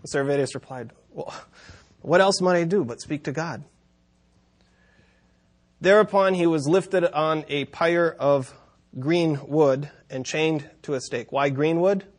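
A man's voice: on the high side, takes it slowly, long pauses. Man preaching a story with wry asides. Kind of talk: sermon.

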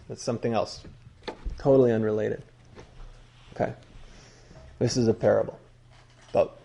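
A male teacher gives a conversational sermon in a husky voice. His tone is mellow and dark, and he speaks at a medium pitch. He drifts between points and asks his listeners questions as he goes. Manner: conversational, digressive, quizzes listeners.

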